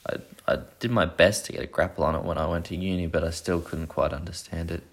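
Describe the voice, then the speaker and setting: A man's voice: sits low, flat delivery, fast talker. A young man hosting a podcast, rambling casually with plenty of swearing and self-deprecating asides. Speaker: podcast host. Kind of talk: casual solo chat.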